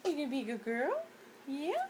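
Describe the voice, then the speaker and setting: A woman's voice: sits high, very animated, normal speed, noisy background. A woman talking to her pet parrot at home in coaxing baby talk, recorded on a phone held close. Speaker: pet owner.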